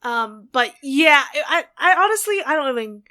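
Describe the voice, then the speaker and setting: Bright woman with dry asides. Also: high voice, big pitch swings, moderate pace. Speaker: podcast co-host. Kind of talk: casual chat.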